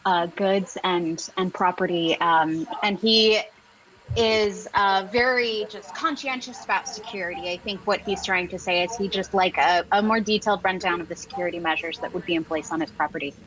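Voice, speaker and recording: A woman's voice: on the low side, normal speed, fairly bright tone, rough recording. A young woman playing a tabletop game, speaking politely and diplomatically in character. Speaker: player.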